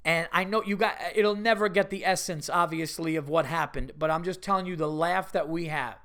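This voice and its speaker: Laughing, animated male podcast host. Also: on the high side, a little fast. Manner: animated, laughs through stories, swears freely. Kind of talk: casual storytelling monologue.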